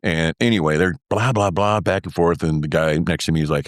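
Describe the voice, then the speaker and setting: A man's voice: sits low, a little fast, no echo, clean studio sound. A man, an interview guest and former pilot, telling a story in a rambling, wry way full of fillers.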